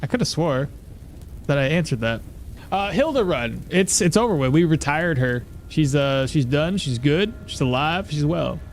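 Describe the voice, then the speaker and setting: Lively-voiced man streaming a game. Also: on the high side, normal speed, slight background noise. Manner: chatty, talks to himself and reads chat aloud. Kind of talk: casual live-stream chat while playing.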